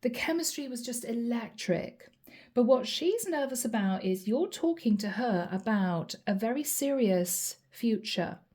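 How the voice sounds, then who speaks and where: A woman's voice: on the high side, dark tone. A woman giving a channeled tarot reading, speaking earnestly and straight to the listener, often repeating her questions. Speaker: tarot reader.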